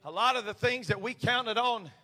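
A male pastor preaching a sermon, swinging from quiet confiding talk to shouted, impassioned preaching. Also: very high voice, moderate pace.

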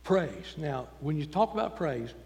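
A man's voice: fairly high pitch, big pitch swings, unhurried, vocal fry, a little mellow. A man preaching a folksy, emphatic sermon in a church. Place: church sanctuary. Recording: long church reverb.

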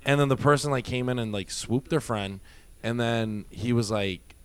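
This former nightclub bouncer tells stories in a casual podcast chat, cursing often and acting out what people said in a profane, animated way. He has a mid-range voice at a moderate pace, with a clean tone and a dry recording.

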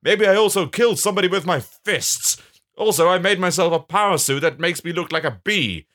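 A man putting on a smug, boastful male comic-book villain's voice, loud and sneering, in a comedy podcast. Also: high-pitched, animated, a little fast, pitched above the performer's own voice. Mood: gloating. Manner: loud, gloating, sneering threats.

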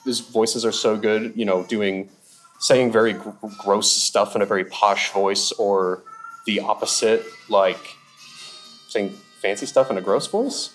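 Young male comedy guest, fairly low voice, rambling and animated, casual podcast chat. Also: unhurried, soft background music. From Seattle. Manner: rambling, animated, lots of fillers and laughs.

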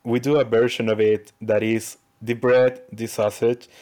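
Slow-talking podcast guest from Chile. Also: male voice, mid-range voice, flat delivery, a little mellow. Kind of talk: casual podcast chat.

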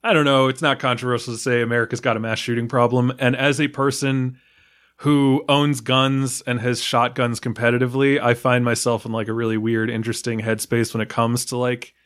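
A man's voice: mid-range voice, little pitch movement, fairly quick, fairly bright tone. A man from the United States talking casually about a film, rambling with many fillers, restarts and small laughs. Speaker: film podcast guest.

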